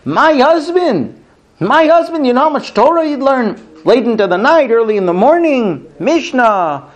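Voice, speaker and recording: A man's voice: very animated, moderate pace. A man acting out a grieving widow who pleads to know why her husband died young. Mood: pleading. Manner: high, pleading, rising with emotion.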